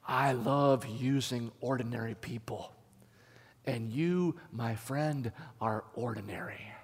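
A man voicing the Holy Spirit, speaking slowly, gently and firmly. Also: a little high, lively intonation. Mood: gentle. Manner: slow and gentle. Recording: long hall reverb.

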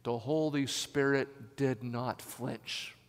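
A man preaching a sermon as a lively story, acting out the people in it. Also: mid-range voice, slow pace. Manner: animated, acts out voices. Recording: long hall reverb.

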